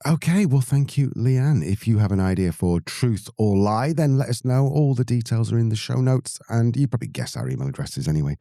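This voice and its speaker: A man's voice: mid-range voice, lively intonation, fairly quick, hardly any pauses, mellow, no echo, studio quality. A man hosting a podcast, chatty and upbeat, reading listener questions to his co-host. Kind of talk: casual podcast chat.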